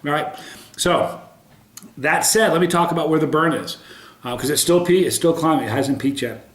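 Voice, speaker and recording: A man with a slightly high voice talks through a pepper tasting review to camera. He is upbeat but halting, full of ums and restarts, and the room around him rings with echo. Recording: roomy echo.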